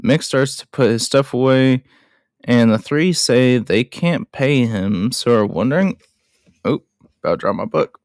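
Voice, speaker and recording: A man talking through a film scene by scene in a casual recap. He speaks slowly and drops chatty, self-deprecating asides. The recording is dry and close. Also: medium pitch, lively intonation, a little mellow, no echo.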